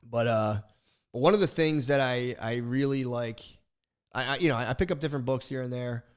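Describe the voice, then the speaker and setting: A young man on a podcast tells a sprawling story off the cuff. He swears freely, trips over his words and restarts them, and slips into quick impressions of himself and others. His voice sits in an ordinary middle register. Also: mid-range voice, smooth. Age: young adult. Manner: rambling, profane, animated, with restarts and mimicked voices. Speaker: podcast co-host.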